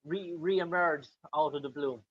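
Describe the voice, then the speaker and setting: A man hosting an interview, asking long, halting questions with many pauses. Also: a little high, phone-quality sound. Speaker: interviewer host.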